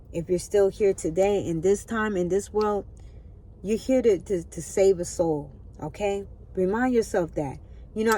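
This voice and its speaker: A woman's voice: mid-range voice, dark tone. Woman preaching into her phone, earnest, keeps asking y'all okay. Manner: earnest, preachy, checks in with listeners often. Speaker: spiritual vlogger. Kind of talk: spiritual motivational talk.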